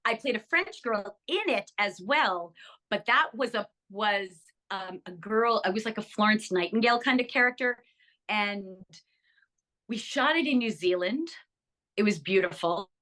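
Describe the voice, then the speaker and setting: A woman's voice: medium pitch, measured pace. An older woman, an actress, chatting enthusiastically about her career in an interview, with many ums and restarts. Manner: enthusiastic, animated, lots of fillers. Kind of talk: casual interview chat.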